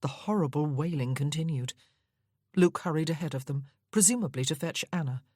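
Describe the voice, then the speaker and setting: A woman narrating a Regency romance audiobook in a steady, measured way. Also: deep voice, dry recording, clean studio sound. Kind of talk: reading a Regency romance novel aloud.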